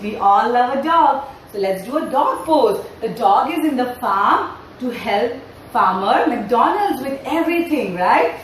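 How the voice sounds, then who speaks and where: A woman's voice: fairly high pitch, far from the mic, a little hiss or hum. A woman yoga trainer leading a playful class for parents and children, asking the class questions in a sing-song, storytelling way. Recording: very echoey room with faint ambience.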